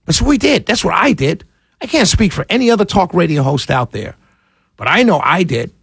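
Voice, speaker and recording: A man rants on his political talk radio show, passionate and quick to raise his voice, with sarcastic asides. His voice sits very high with a gravelly edge. The sound is dry and close, with the studio mic right in front of him. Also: sing-song, fairly bright tone, no room sound.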